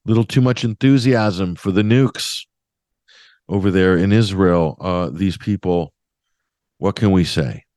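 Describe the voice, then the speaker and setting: A man's voice: low voice, unhurried, a little mellow, dry recording, clean studio sound. A man hosting a radio talk show, giving opinionated commentary in a sardonic, emphatic way with mocking asides.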